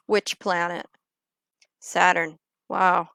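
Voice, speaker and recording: A woman's voice: medium pitch, normal speed, fairly bright tone, no room sound. A young woman chatting casually on a gaming livestream, rambling and joking with frequent swearing. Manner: rambling, jokey, swears freely. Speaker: streamer.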